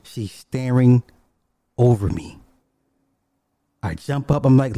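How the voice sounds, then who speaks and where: Man, casual storytelling, profane, animated, low mutters to high yelps, mellow tone. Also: slow pace, pauses often, no echo.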